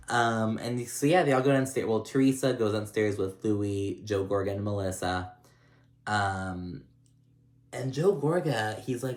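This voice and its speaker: A man's voice: lowish voice, normal speed, echoey room. A man casually recapping a reality show episode, gossipy and profane, acting out the cast's lines. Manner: gossipy, profane and animated, mimics cast members.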